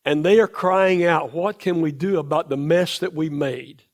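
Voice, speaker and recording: A man preaching from the pulpit in a church sanctuary. His voice sits fairly high for a man, and he takes his time, leaning on each phrase and repeating the important ones. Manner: slow, emphatic, repeats key phrases. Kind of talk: sermon.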